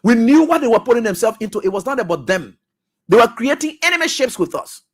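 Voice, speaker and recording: A man hosting a radio talk show, giving animated, scolding political commentary. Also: extremely high pitch, fast, slightly rough.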